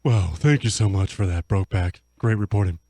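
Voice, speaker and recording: A man's voice: fairly low pitch, a little fast, mellow, no room sound. A man hosting as a mock news anchor on an improv comedy radio show, with stammering asides. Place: radio studio.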